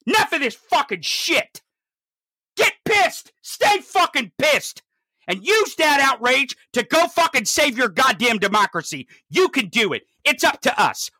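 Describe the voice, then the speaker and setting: A commentator delivering an angry, profanity-heavy political rant, swinging from low growls to shouts. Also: no room sound, clean studio sound.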